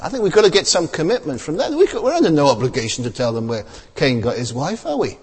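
Preacher with lively, chatty delivery. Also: male voice, a little high, fast talker, hardly any pauses, husky, long reverb tail. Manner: conversational, many tag questions and fillers. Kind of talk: sermon.

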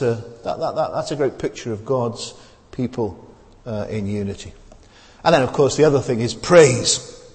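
Guy giving a sermon in church, chatty and halting, lots of ums, big hall echo. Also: mid-range voice, a little mellow. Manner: conversational, halting with many fillers and restarts. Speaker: preacher. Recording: long reverb of a church hall.

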